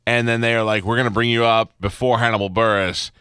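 Radio host man, bright clear tone, dry studio sound, animated storyteller. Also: lowish voice, fast, no room sound. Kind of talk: casual studio banter.

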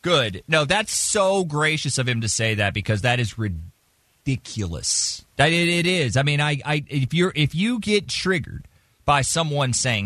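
Male radio co-host from Texas, casual and opinionated, very expressive pitch. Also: no echo, studio quality. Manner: animated, opinionated, quick asides.

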